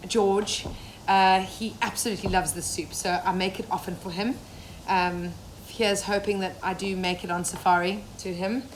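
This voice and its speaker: A young safari cook from Zimbabwe gives a live cooking demonstration in her home kitchen, chatting casually and greeting viewers by name. Her voice is medium-pitched and fairly bright, and the kitchen sounds echoey with faint ambient noise.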